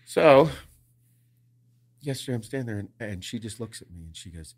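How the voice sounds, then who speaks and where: A man co-hosting a podcast, chatting casually and telling animated, profanity-heavy stories about his family. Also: medium pitch, normal speed, long pauses. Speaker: podcast co-host. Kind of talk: casual chat.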